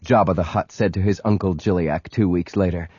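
A man reading a story aloud in scripted narration, steady, with quiet, clipped lines for the hero. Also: low voice, a little fast, husky, no echo. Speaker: audiobook narrator. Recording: dry, dull lo-fi audiobook recording.

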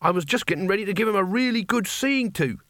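A man's voice: high-pitched, lively intonation, fast talker, a bit bright, no room sound, studio quality, voice pushed up. A man voicing an eager, boastful young male would-be hero who blusters.

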